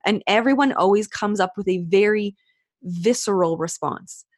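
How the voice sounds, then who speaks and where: A woman's voice: medium pitch, normal speed. Woman guest, casual chat, emphatic and enthusiastic, savors her words. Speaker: podcast guest.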